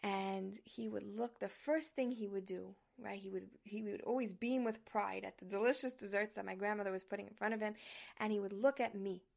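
A woman teaching a religious class, opening with a personal story told in an animated way with frequent restarts. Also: mid-range voice, brisk, creaky.

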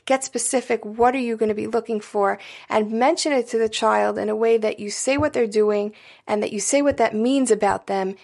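A woman with a noticeably gravelly, creaky voice talks parents through a lesson in a relaxed, conversational way. She addresses the listener directly and keeps checking in with little "right?" asides, at a middle pitch. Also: a little fast. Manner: conversational, frequent "right?" and "you know" check-ins; warm coaching tone, speaking directly to parents. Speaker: parenting educator. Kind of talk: casual spoken parenting lesson.

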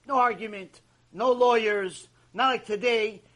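A man teaching a religious lecture, emphatic and animated, telling stories and repeating points for effect. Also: high-pitched, a little fast, slightly rough. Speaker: rabbi teaching a lecture series.

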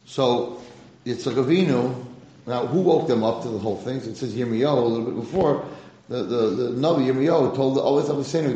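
A man's voice: mid-range voice, brisk, mellow, roomy sound, a little hiss or hum, rough recording. A man teaching a religious lesson to a class, posing rhetorical questions and mixing in Hebrew terms. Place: room with a class present.

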